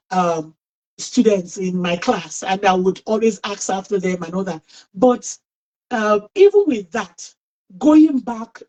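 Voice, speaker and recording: A middle-aged woman hosts an online talk over a video call. She tells a personal story in a lively, outgoing way, often restarting her sentences. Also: mid-range voice, low-quality recording. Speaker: host.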